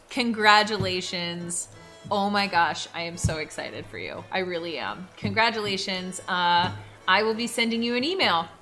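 A woman hosting a casual live stream while gaming, gushing and excitable, with squealing bursts. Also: mid-range voice. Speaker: streamer host.

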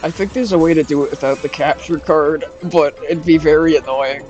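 A man's voice: fairly high pitch, steady tone, a little fast, lo-fi sound. A young man casually chatting and swearing while playing a kart racing game, laughing often. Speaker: gamer. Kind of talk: casual gaming chat. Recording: game music playing behind.

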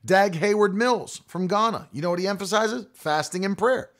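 A man's voice: sits high, normal speed. A man preaching a sermon, emphatic and repetitive, stretching out key words for stress. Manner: emphatic, repeating key phrases.

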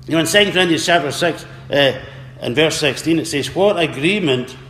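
A man's voice: a little high, a bit bright. A man preaching a sermon earnestly, repeating words and calling out for amens. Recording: echoey hall with faint ambience.

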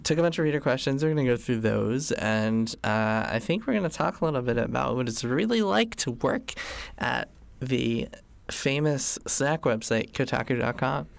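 Gravelly, dry-sounding ranting podcast guy. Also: mid-range voice, normal speed, no echo. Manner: ranting, complaining, wry. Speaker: podcast co-host. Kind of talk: casual chat.

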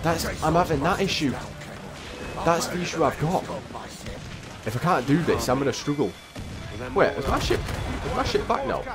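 A man's voice: fairly high pitch, sing-song, normal speed, long pauses. A young man giving gameplay commentary, muttering to himself and repeating his frustrations as he plays. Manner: exasperated, talking to himself, repetitive. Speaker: gamer. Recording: voice over game audio with loud music. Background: loud game music and cannon fire.

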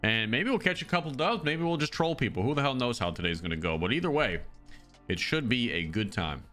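A man's voice: mid-range voice, very animated, a little fast, sharp tone, soft background music. A man streaming a shooter game, chatting loosely with his viewers in casual commentary. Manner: chatty, loose, talks to chat as "dude" and "brother". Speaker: livestreamer playing a shooter. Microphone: streaming mic through an audio mixer.

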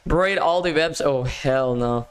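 A man with a clean, somewhat high voice speaks a little slowly while hosting a live gaming stream. He keeps the chat casual and slangy, greeting his viewers by name.

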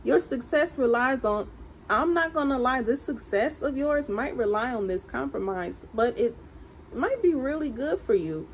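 A woman's voice: high-pitched, normal speed. A woman with a Southern country accent doing a chatty, emphatic tarot reading for viewers. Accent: American Southern country. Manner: animated, emphatic, chatty and teasing. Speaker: tarot reader. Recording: noisy home recording.

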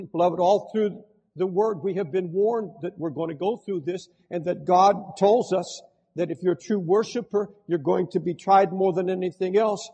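An older male pastor delivering a fervent sermon straight to the congregation. His voice sits high and has a husky edge. It rings out with the long reverb of a large hall. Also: moderate pace, warm tone. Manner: fervent preaching, direct address to the congregation.

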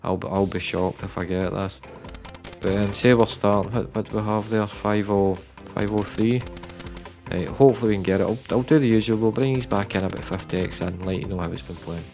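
A man giving live commentary on slot machine spins, chatty and prone to repeating words, breaking into loud excited bursts. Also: lowish voice, brisk, faint music behind. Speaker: online slots streamer.

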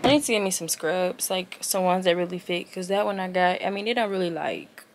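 A woman's voice: lowish voice, a little fast, a little hiss or hum. A woman vlogging at home at night, chatting casually to her viewers as she gets ready, recorded on a camera on a tripod. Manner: chatty, addresses viewers as y'all.

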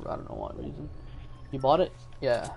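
A man's voice: medium pitch, wildly swooping pitch, brisk, creaky, darkish tone, a little hiss or hum. A young man from Texas live-streaming a game, chatting casually and joking while reading viewer messages aloud. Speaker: gaming streamer.

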